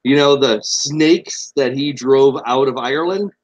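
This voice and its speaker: A man's voice: mid-range voice, a little slow, dry recording, dull audio. A young man co-hosting a podcast, laid-back and blunt, swearing freely in casual chat. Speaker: podcast co-host.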